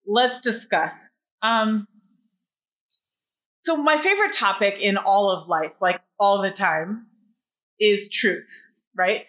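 A woman's voice: mid-range voice, expressive, slow pace, pauses often, fairly bright tone. A woman hosting a casual livestream from home, bubbly and chatty, greeting viewers as they join. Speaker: livestream host.

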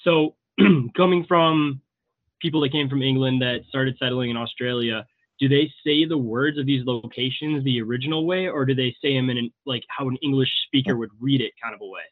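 Male US host, quick and profane, heard over a thin call line with no room sound. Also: mid-range voice, dry recording. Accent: American. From USA. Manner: fast, loose and heavily profane. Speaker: podcast host. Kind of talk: casual podcast chat. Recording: tinny phone-like call audio.

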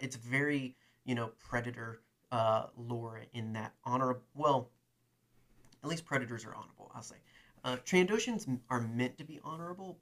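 A man's voice: medium pitch, fairly bright tone. A man hosting a casual chat, talking enthusiastically and rambling with plenty of fillers. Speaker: podcast host. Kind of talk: casual chat and reading aloud.

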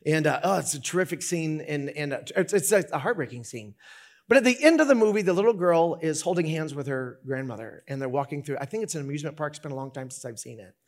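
High-voiced animated pastor preaching. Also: male voice, quick pace. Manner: animated, conversational, many restarts. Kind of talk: sermon.

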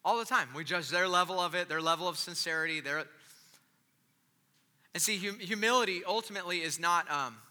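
A man with a very high, piercingly bright voice delivers a sermon that rings through a large hall with a long reverb tail. He talks casually, cracks jokes and drops into hushed, intimate asides between louder stretches of storytelling. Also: brisk. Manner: swings from loud storytelling to quiet, intimate asides; casual, joking delivery with slang and restarts. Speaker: pastor.

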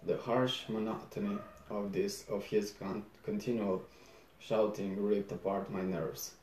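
A man reading a novel aloud in first person, low-key and unhurried, with small slips and restarts. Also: fairly even intonation, a little mellow, a little hiss or hum. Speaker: audiobook reader. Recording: roomy echo.

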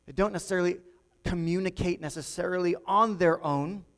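A man's voice: sits high, a little fast, fairly bright tone, in a large hall. A man preaching a sermon as pastor to his congregation, conversational, with frequent restarts and repeated words.

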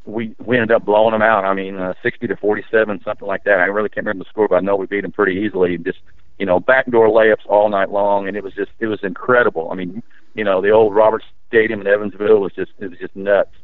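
A middle-aged man, a former high school basketball player, telling his memories in a rambling, animated way with many fillers. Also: fast, no echo, phone-quality sound. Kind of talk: casual interview storytelling.

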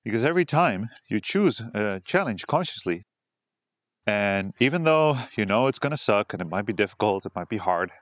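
A man hosting a podcast, giving an earnest, expressive motivational monologue and laughing often. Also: lowish voice, normal speed, no room sound, studio quality. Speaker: podcast host.

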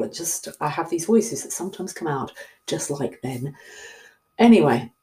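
A middle-aged woman with a southern English accent talks to camera like a coach catching up with her followers. Her voice sits a little low and sounds mellow and relaxed. She rambles and pokes fun at herself as she goes. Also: brisk. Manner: chatty, rambling, self-deprecating. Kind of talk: casual talk to camera.

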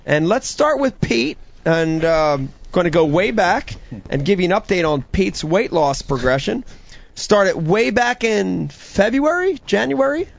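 A man hosting a studio talk show, upbeat and quick to laugh. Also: high-pitched, very animated, gravelly, highs cut off. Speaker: host.

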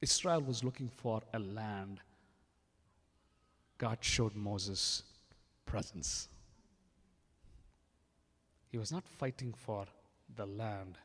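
A man's voice: lowish voice, slow, pauses often, fairly bright tone. A man from India with an Indian accent, preaching a sermon in a fervent, repetitive way, often restarting his phrases. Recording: long reverb of a large hall.

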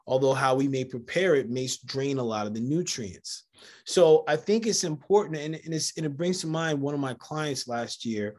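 A man hosting a casual conversation, telling animated stories and acting out the voices of people in them. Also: mid-range voice, moderate pace. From United States, Jamaican family. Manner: animated storyteller, acts out quoted voices. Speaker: podcast host.

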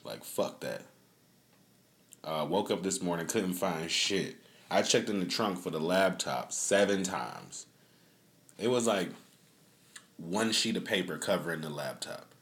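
A man's voice: deep voice, lively intonation, measured pace, creaky, long pauses, a bit bright. A man hosting a podcast in casual chat, a loose, profane storyteller who laughs often. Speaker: podcast host.

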